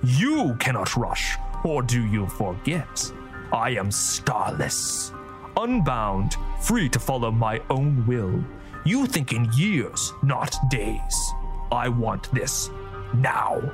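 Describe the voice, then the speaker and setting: A man's voice: medium pitch, big pitch swings, slow, music in the background. A man voicing a blunt, impatient warlord. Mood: defiant. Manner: blunt, curt demands. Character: brutish impatient male warlord, crude and demanding.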